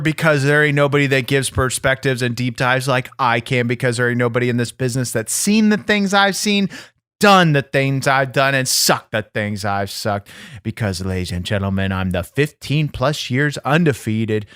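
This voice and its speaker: A man playing a brash, foul-mouthed backyard wrestling champion who hosts a comedy podcast and boasts loudly. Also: mid-range voice, animated, normal speed, smooth, dry recording, clean studio sound, natural voice. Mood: boastful. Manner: boastful, profane, blustering. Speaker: podcast host. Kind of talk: comedy podcast character bit.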